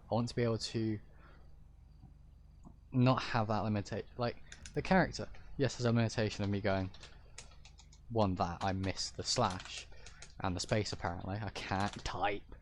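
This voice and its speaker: A faint hiss underlies this roleplay streamer's fairly low, somewhat deep voice as he chats casually with his viewers. His explanations ramble and hesitate, breaking off and starting again.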